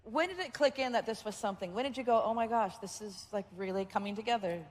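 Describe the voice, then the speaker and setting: Chatty woman panel host, high voice. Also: fast. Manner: chatty, laughing, teasing. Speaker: voice director on a game panel. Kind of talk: casual panel chat. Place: convention hall stage. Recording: long reverb from a convention hall stage.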